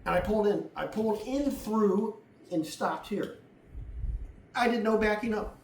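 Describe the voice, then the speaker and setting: A blunt, foul-mouthed middle-aged man explains driving and parking in a casual demonstration. His voice sits a bit high and sounds distant, bouncing around an echoey room with faint background hum. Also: unhurried, vocal fry. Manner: blunt and profane, acts out other drivers. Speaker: driving advice presenter.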